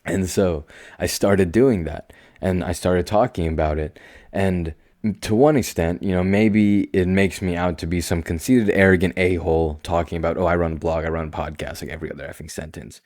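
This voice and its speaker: A young man hosting his own podcast in a casual solo monologue, talking slowly and calmly in a soothing, self-assured way, with quiet asides and sudden emphatic bursts. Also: sits low, dry recording, studio quality. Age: young adult. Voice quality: slow, calm and soothing delivery. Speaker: podcast host.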